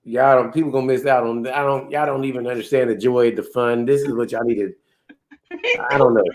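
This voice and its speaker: A man's voice: mid-range voice, steady tone, fairly quick, a little mellow. A man hosting a casual livestream chat, laid-back and full of "man" and "dude". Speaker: livestream host.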